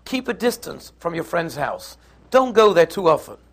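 A man teaching a Torah class, lively and conversational, who acts out little scenes in voices. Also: on the high side, normal speed. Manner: animated, acts out the quarrel in put-on voices.

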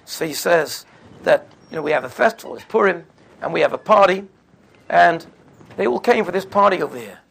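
A man's voice: high voice, expressive, a little fast, gravelly, fairly bright tone. A man giving a sermon, telling stories in a conversational way. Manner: conversational, sprinkles in Yiddish and Hebrew terms. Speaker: religious speaker. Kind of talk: storytelling sermon.

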